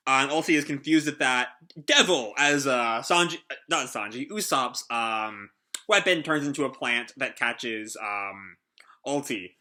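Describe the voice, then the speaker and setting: A man's voice: medium pitch, unhurried, sharp tone. A man who hosts a casual comic reaction, talking in a rambling, hesitant way with many fillers. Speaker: host.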